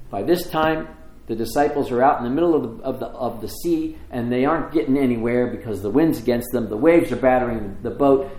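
A middle-aged man preaching a sermon, telling the story with lively acted quotes and conversational asides. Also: mid-range voice, roomy sound, low-quality recording. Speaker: pastor.

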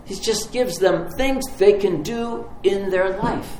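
A man's voice: sits high, slow, darkish tone, slight background noise. A man preaching a sermon as pastor, telling stories in a conversational, vivid way. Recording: roomy hall, faint ambience.

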